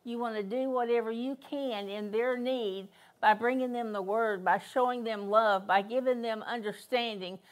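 Older lady preaching, kinda high voice, tells stories, repeats herself for emphasis. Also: fairly even intonation, normal speed, few pauses. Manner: storytelling, emphatic, repeats key phrases. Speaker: guest minister. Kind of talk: sermon. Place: church.

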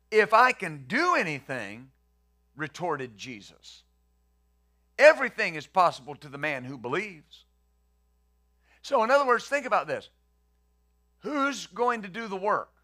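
A man's voice: high voice, sharp tone. A male pastor preaching a conversational sermon, acting out the quotes he reads and the questions he poses.

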